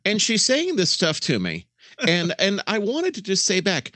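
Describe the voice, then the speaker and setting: A man co-hosting a podcast in casual comedic chat, an animated storyteller who slips into other people's voices. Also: high voice, measured pace, long pauses, dry recording. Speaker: podcast co-host.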